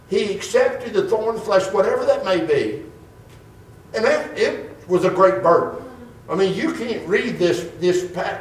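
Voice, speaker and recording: A man preaching a sermon with a slow, emphatic delivery and dramatic drawn-out pauses. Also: sits high, a little hiss or hum. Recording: roomy, distant mic with faint ambience.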